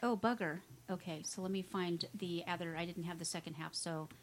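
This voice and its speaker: A woman's voice: fairly low pitch, fairly even intonation, a little fast. A woman co-hosting a podcast, reading out crime stories with wry, sarcastic asides in casual chat. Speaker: podcast co-host.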